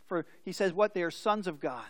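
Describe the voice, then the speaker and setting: A man's voice: sits high, animated, a little fast, a bit bright, no echo. A male pastor preaching a sermon, explaining scripture and telling stories with acted-out voices.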